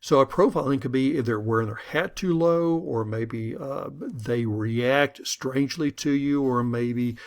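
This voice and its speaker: A man's voice: mid-range voice, unhurried, vocal fry, hardly any pauses. A middle-aged man teaching a lesson in a conversational storytelling way, sometimes acting out the people in his stories. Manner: conversational, storytelling, acts out quoted voices. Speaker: instructor. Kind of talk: lecture with an acted-out story.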